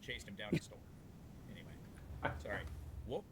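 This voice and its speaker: A dealership owner with a mid-range, breathy-edged voice tells stories fast on a podcast. He's casual, salty and blunt, an animated rambler who keeps restarting his sentences.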